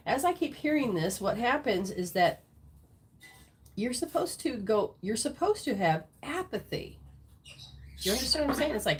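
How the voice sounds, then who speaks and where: A woman's voice: mid-range voice, sing-song, normal speed, slight background noise. A woman teaching as a spiritual healer and intuitive reader during a live-streamed session at home. She acts out people's reactions in quoted voices.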